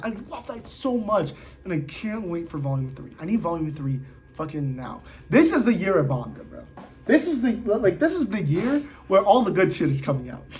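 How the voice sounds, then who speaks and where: A young man reviewing manga in a casual vlog, excitable, swearing often and saying "like" a lot. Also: high-pitched.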